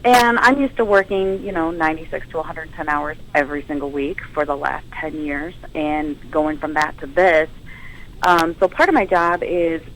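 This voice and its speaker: A woman's voice: low voice, normal speed, a little hiss or hum, low-quality recording. A woman in her thirties, a firefighter and paramedic, telling her story as a guest in a radio interview. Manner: storytelling, emotional, animated quotes.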